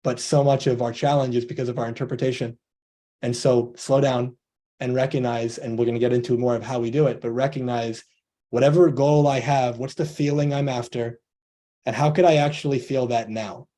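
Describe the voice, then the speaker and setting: A man with a mellow, relaxed voice speaks earnestly as a coach on a video call. He talks through his points by playing out little back-and-forth conversations, voicing both sides himself. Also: mid-range voice, brisk. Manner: earnest, acts out both sides of imagined dialogues. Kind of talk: motivational talk on a video call.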